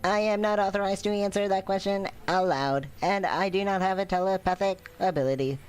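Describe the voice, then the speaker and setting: A man voicing a robotic gate guard in a flat, formal, clipped way, as a gamer playing along. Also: high voice, a little fast, clear, resonant tone, voice pushed up, lightly acted.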